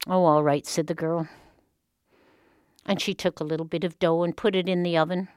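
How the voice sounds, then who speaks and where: A woman storyteller telling a folk tale with expressive, dramatic pauses. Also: fairly low pitch, no room sound, clean studio sound.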